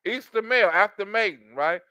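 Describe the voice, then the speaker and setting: A man with a high-pitched, bright voice hosts an online show. He riffs in a crude, rambling, comedic way, tripping over restarts. The recording is dry and close, with no room sound. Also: animated, brisk, smooth, no room sound. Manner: crude, rambling storytelling full of acted-out quotes; stammering restarts. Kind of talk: casual comedic riffing.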